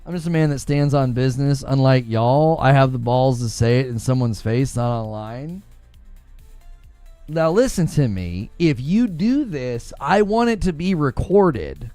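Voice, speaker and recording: A man's voice: mid-range voice, lively intonation, measured pace, dark tone, no echo, faint music behind. A man hosting a gaming live stream, chatting casually, reading viewer comments and laughing often as he riffs on jokes.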